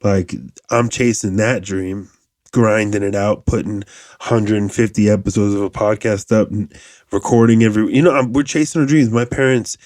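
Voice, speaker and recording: A man in his thirties hosting a podcast, talking in a casual, profane, rambling monologue with animated asides. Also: fairly low pitch, moderate pace, no echo, clean studio sound. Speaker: podcast host.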